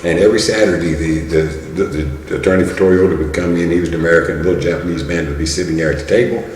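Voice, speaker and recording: A very deep-voiced man in his sixties from Kentucky spins a long story, stalling on fillers and restarting his phrases. His voice booms around a roomy hall with a long reverb and a faint hiss underneath. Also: steady tone, very fast, a little mellow. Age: 60s. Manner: rambling with many fillers and restarts. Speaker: guest. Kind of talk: storytelling in casual talk.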